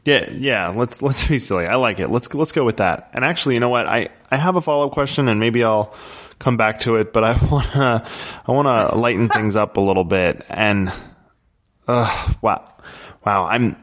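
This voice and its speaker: A man's voice: mid-range voice, normal speed, fairly bright tone. A man hosting a podcast interview, stammering and repeating his words, laughing easily. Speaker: podcast host. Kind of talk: conversational interview.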